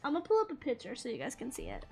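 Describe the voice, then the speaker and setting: A woman's voice: high-pitched, wildly swooping pitch, rapid-fire, gravelly, darkish tone, soft background music. A young woman streamer chatting casually over gameplay, bubbly and giggly, talking to her viewers. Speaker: gaming streamer.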